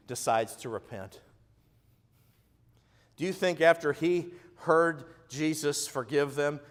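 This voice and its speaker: Man preaching in an echoey church. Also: medium pitch. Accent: American Midwest. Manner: conversational preaching, swings from hushed to loud. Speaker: pastor. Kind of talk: sermon. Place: church sanctuary.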